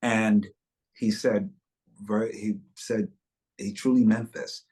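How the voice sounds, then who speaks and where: A man's voice: fairly low pitch, little pitch movement, takes it slowly, a little mellow. A man speaking as an actor guest in a webchat interview over a video call, reflective and expansive in the way he tells things.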